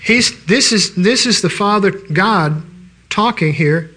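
Older man, preacher, folksy sermon, high-pitched, bright tone. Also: takes it slowly. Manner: folksy, conversational preaching with restarts.

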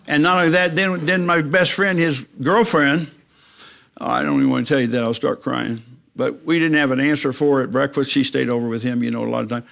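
A man's voice: fairly even intonation, brisk, gravelly, fairly bright tone. An older man preaching and telling his life story plainly, acting out the dialogue as he goes. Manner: plain-spoken storytelling, acting out his own dialogue with rising pitch when emotional. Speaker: preacher giving testimony. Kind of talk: personal testimony in a church talk.

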